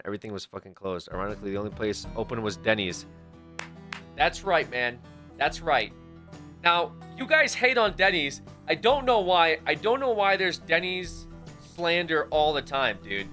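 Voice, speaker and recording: A man's voice: lowish voice, sharp tone. A man livestreaming a game, talking loosely and jokingly to his chat, swearing and calling them dude. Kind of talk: casual gameplay stream chat.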